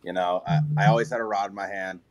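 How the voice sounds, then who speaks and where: A man from New York State, a guest angler, talking in a relaxed way on a casual podcast. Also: low voice, fast talker.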